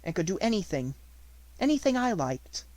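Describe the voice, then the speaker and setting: A man's voice: sits high, big pitch swings, moderate pace, a little mellow, no room sound, voice pushed up. A man voicing a composed, imaginative young girl who speaks grandly and politely, in an audiobook reading. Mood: defiant.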